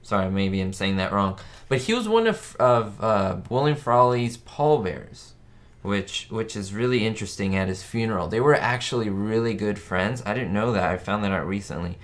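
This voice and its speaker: A man with a somewhat low voice hosts a casual live stream. He chats in an upbeat, rambling way, with plenty of fillers and restarts. He reads viewers' comments aloud as he goes. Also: animated, normal speed. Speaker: channel host.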